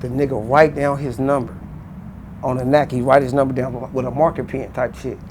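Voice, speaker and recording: A middle-aged man from Los Angeles, a guest in an interview, telling an animated story in loose street slang with frequent restarts. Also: a little fast, slight background noise. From Los Angeles, USA. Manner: acts out quoted voices with big jumps up in pitch.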